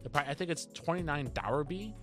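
A man's voice: on the high side, brisk. A young man co-hosts a casual podcast. He rambles and restarts his sentences, and his voice rises and falls animatedly. Faint music plays underneath. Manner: rambling, restarts often, lively. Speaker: podcast co-host. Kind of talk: casual chat.

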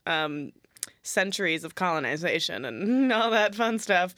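Bright-voiced chatty young woman. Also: on the low side, expressive, no room sound, clean studio sound. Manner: chatty, quick filler-heavy talk with frequent laughs. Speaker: podcast co-host. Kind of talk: casual chat.

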